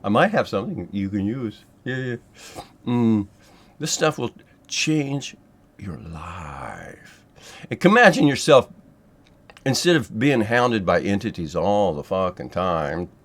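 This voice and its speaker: Guy with a lowish voice riffing casually, swears a lot, lots of ums. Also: very animated, slow. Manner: loose and profane, rambling with many fillers. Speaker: spiritual technique teacher. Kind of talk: casual monologue to camera.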